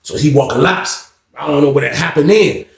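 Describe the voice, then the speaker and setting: Guy telling a story, laid-back asides, fairly high voice, roomy echo. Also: brisk, gravelly. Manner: loose, conversational, frequent asides. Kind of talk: casual storytelling.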